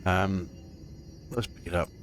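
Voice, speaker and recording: A man's voice: deep voice, fairly even intonation, measured pace, faint music behind. A man giving casual commentary over a video game, reading in-game books aloud and often stumbling and correcting himself. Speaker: gameplay commentator.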